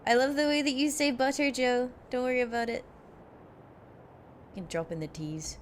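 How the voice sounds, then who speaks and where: A woman's voice: high-pitched, moderate pace, slight background noise. A woman streaming a video game, commenting casually, giggling and swearing as she muses aloud.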